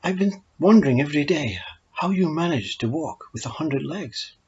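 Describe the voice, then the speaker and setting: A man's voice: a little high, lively intonation, normal speed, darkish tone. A man voicing a curious, talkative male frog in a spoken story, asking eager questions. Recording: dull lo-fi recording.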